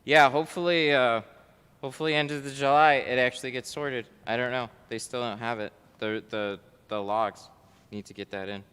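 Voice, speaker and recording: A man livestreams from a car tint shop while tinting windows, chatting casually and answering viewer chat. His medium-pitched voice is fairly even in intonation at a normal speed, a bit bright and smooth, with a long reverb tail.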